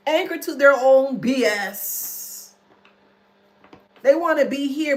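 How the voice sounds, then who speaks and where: A woman's voice: sits high, expressive, slow pace. A woman commentator in a casual monologue, blunt and scornful, who spells out words letter by letter. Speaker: online commentator.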